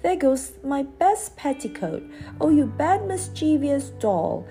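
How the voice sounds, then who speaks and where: A woman voicing a prim golden-haired girl doll in a storybook reading, high and fretful. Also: lively intonation, moderate pace, dark tone, soft background music, natural voice. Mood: distressed.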